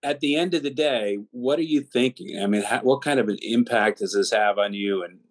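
A man's voice: medium pitch, a little fast. A man interviewing, asking probing follow-up questions.

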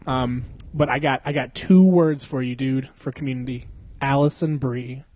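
A man's voice: mid-range voice, normal speed, no room sound. A young man co-hosting a podcast, telling stories in a casual, profane way and laughing often. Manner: profane, animated storytelling with frequent laughter. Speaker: podcast co-host.

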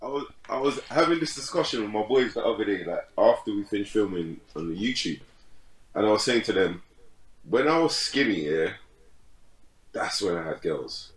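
A man's voice: on the low side, lively intonation, normal speed, reverberant, low-quality recording. A young man chatting casually as a podcast guest, laid-back, laughing often and saying "bro" a lot. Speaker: podcast guest, fitness content creator. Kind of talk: casual chat.

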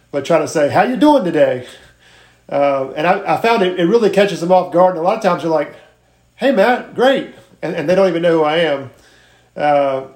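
Earnest, halting man in an echoey room. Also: a little high, a little mellow. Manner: earnest, halting, reads from notes. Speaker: new salesperson in a sales group call. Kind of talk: casual group call, sharing tips.

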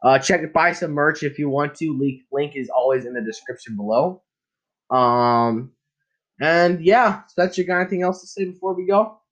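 A man's voice: a little high, normal speed, a bit bright. A young man co-hosting a casual podcast, goofy and rambling, with frequent restarts. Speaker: podcast co-host. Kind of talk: casual chat.

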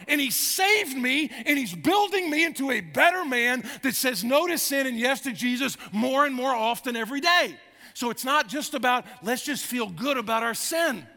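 A high, gravelly male pastor in his fifties preaching a sermon. He talks with a bright, forceful edge and drives points home by repeating them. His voice rings with the long reverb of a big church sanctuary. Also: moderate pace. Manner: emphatic, repeats phrases, grows animated. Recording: long reverb of a large hall.

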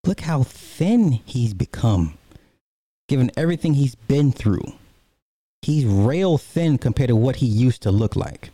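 A man's voice: medium pitch, animated, measured pace, warm tone, dry recording. A man giving a heated, profane reaction commentary in blunt everyday speech.

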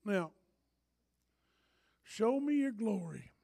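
An older man preaching a sermon as pastor, telling stories and swinging from hushed asides to loud urging. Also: high-pitched, animated, drawn-out words.

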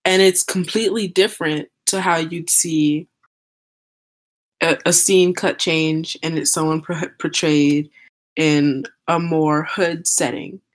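Low-voiced young woman, rambling. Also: steady tone, slow. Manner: rambling with many fillers. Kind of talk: casual group chat.

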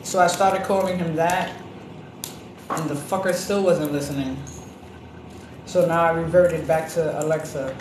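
A woman chatting casually on a podcast, telling lively stories with plenty of swearing and acted-out voices. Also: sits low, measured pace, pauses often. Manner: animated storyteller, profane, acts out other voices. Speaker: podcast co-host. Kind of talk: casual chat. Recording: roomy with background noise.

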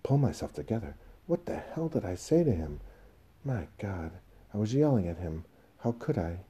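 A man reading the part of an aging, desperate salesman pleading with his boss, in a husky voice. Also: on the low side, very animated, moderate pace. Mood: dazed. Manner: pleading, emotional, rising to shouts.

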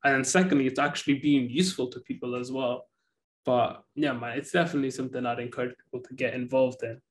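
A young man hosting a casual podcast chat, relaxed and quick to laugh, dropping "man" often. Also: medium pitch. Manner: relaxed, laughs easily, says "man" a lot.

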